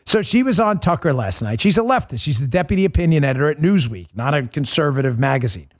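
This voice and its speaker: A male political talk-show host with a somewhat high voice for a man. He talks fast and combatively, with a sarcastic edge, pushing his points hard. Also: sing-song.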